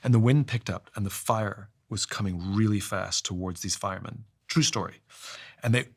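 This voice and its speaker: A man talking through a story in a conversation, reflective, restarting often and letting his sentences trail off low. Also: moderate pace, vocal fry, breathy edge, no room sound, studio quality.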